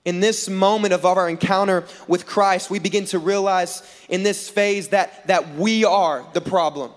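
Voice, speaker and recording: A man whose voice sits high speaks at normal speed with few pauses as he preaches to a live audience from a large hall's stage. Telling a comic story, he performs the dialogue in voices and jokes with the crowd animatedly. Long hall reverb is present.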